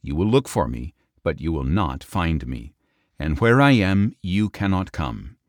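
A man reading Jesus, earnest and measured. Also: low voice, sing-song, no room sound, studio quality. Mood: solemn. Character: Jesus, a calm grown man teaching with authority.

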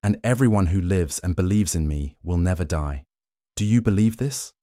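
A man reading the words of Jesus in a scripture reading, measured and solemn. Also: low-pitched, warm tone, no echo, clean studio sound, natural voice. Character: Jesus, calm authoritative teacher.

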